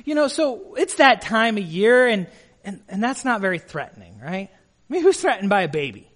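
A man's voice: high-pitched, sing-song, normal speed, a bit bright. A male pastor preaching a sermon in an emphatic way, putting questions to the congregation.

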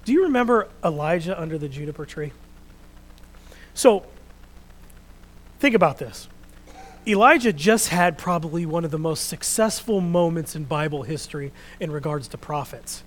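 A middle-aged man preaching a sermon, earnest and animated, dropping to a hush for quoted words. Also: on the high side, normal speed, pauses often, rough recording.

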